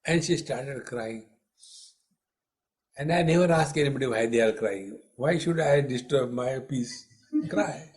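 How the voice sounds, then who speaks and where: A man's voice: mid-range voice, measured pace, pauses often, a little mellow. Male spiritual teacher, older, playful discourse with humorous stories. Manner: playful, teasing, acts out dialogue in stories. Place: lecture hall.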